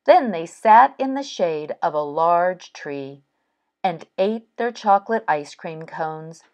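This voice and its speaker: A woman reading a children's storybook aloud in a slow, expressive storytelling manner. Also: fairly low pitch, dull audio. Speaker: storybook reader.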